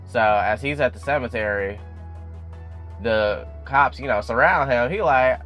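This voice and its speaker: A man's voice: medium pitch, unhurried, muffled recording, soft background music. A young man giving a casual recap of a TV episode. He talks in a chatty way, full of "you know" fillers, and acts out bits of the dialogue. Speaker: YouTube show recapper.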